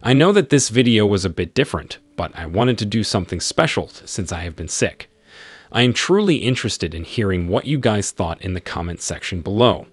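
A man, host of his channel, narrating a first-person story in an expressive reading style. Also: on the low side, fairly quick, slightly rough, dry recording.

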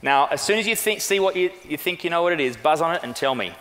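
A man presenting a quiz on stage, relaxed and chatty with fillers. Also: on the high side, fast, in a large hall. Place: large conference hall.

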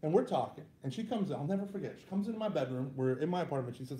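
A man's voice: on the high side, racing, hardly any pauses, reverberant. A man, telling funny self-mocking stories to a group as a youth minister. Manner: self-deprecating, animated, laughs at own stories. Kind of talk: humorous personal storytelling talk.

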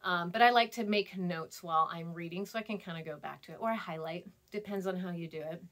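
A woman's voice: on the low side, fast, fairly bright tone. Chatty woman teaching a reading lesson. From California, US. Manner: chatty, rambling with fillers and laughs; acts out quoted voices. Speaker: instructor. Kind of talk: recorded lecture.

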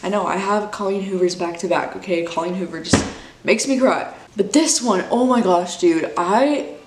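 A woman's voice: medium pitch, normal speed, noisy background. Gushing young woman, echoey room. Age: 20s. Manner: gushing, emotional, sprinkled with "like" and "dude". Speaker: book vlogger. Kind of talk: casual chat.

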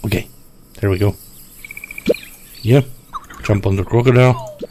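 Frustrated low-voiced man cursing at a game. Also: fairly even intonation, measured pace, mellow, slight background noise. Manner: frustrated, swearing, talking to himself. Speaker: gameplay streamer. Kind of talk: let's play commentary.

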